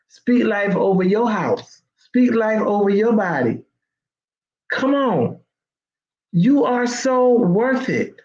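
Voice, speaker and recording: Woman coaching folks to speak life, repeats herself hard, sounds dull and boomy. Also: a little mellow, roomy sound. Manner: emphatic, preachy exhortation with repetition. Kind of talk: motivational live talk.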